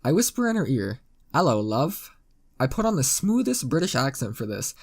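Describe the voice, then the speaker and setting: A man with a mid-pitched voice narrates a first-person internet story. His delivery is casual and dry, dropping crude asides as he reads. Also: very animated, brisk.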